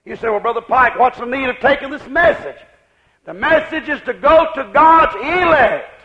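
A man preaching a fiery revival sermon, shouting in a chanting cadence, on a muffled lo-fi recording. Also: extremely high pitch, lively intonation, moderate pace, crowd noise.

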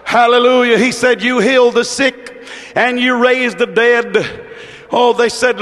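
Male preacher, fervent rhythmic sermon building to shouts, high-pitched, long hall reverb. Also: fairly even intonation, unhurried.

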